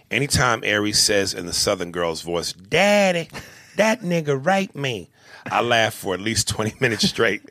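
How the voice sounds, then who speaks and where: A man's voice: lowish voice, bright, forceful tone, dry recording. A man co-hosting a comedy podcast, reading a listener's email aloud and joking crudely between lines. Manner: crude, joking, slips into voices. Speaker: podcast co-host.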